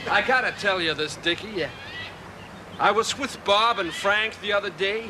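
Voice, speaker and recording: An actor playing a laid-back crooner golfer with a slow, easygoing drawl. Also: male voice, sits high, close to an everyday voice. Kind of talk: sitcom acting. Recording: noisy TV recording with outdoor ambience.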